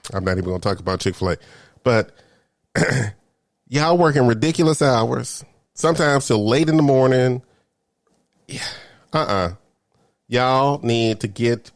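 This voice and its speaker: A man, ranting comedically to camera in a vlog and dropping into hushed whispered asides. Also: on the low side, moderate pace, pauses often, no room sound, studio quality. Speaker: vlogger.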